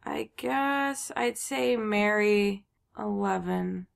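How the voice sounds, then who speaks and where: A woman's voice: mid-range voice, extremely slow, vocal fry, a crowd in the background. A woman in a casual chat, hesitant and reluctant to commit to an answer.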